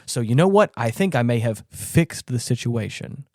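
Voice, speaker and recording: An animated young man rambles through a casual film chat and keeps breaking into squeaky put-on voices for the characters. His voice sits in an ordinary middle pitch. The recording is close and dry, with no room sound. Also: moderate pace, no echo. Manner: rambling, animated, acts out quotes in high voices. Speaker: podcast co-host.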